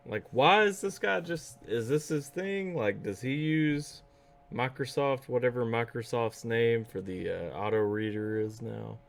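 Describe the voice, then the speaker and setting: A man hosting a reaction video, giving excitable, casual commentary and often laughing. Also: medium pitch, measured pace, vocal fry.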